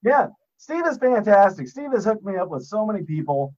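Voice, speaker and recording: Podcast guest: man, announcer-style delivery, jokey and crude, swinging pitch, muffled lo-fi sound. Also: very animated, a little fast, a little mellow. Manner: joking, self-mocking, profane. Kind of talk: casual podcast chat.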